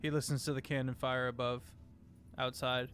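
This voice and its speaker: A man's voice: medium pitch, flat delivery, moderate pace, fairly bright tone, soft background music. A man narrating as game master of a tabletop game, hesitant, with many fillers.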